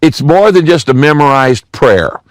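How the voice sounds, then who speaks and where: An older man preaching a sermon as a pastor, reading scripture and speaking in a conversational, expressive way. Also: a little high, a little slow, dry recording.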